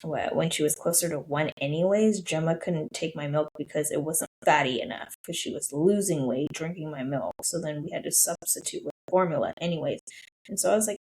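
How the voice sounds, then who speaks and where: A woman's voice: sits low, brisk, darkish tone, rough recording. A woman in her thirties hosting a solo podcast, telling a personal story in an emotional, gushing, casual way. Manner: emotional, gushing, with lots of "I was like". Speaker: podcast host.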